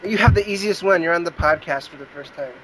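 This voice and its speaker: A man's voice: on the high side, fast, heavy background noise. A man in a casual podcast chat, teasing and playfully pushy.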